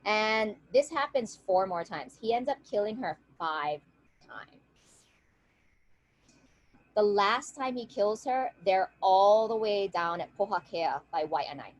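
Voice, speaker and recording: Taking it slowly in a mid-range voice, a woman tells a legend over a video call in a relaxed, lively style, regularly checking in with "right?" She's there as a storyteller and guest speaker, and the audio is poor.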